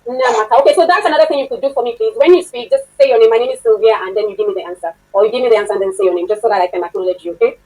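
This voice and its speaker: Woman instructor, slightly high voice, chatty online class lecture, quizzes her students. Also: racing, few pauses, mellow, rough recording. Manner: chatty, laughs often, asks the class questions. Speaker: workshop instructor.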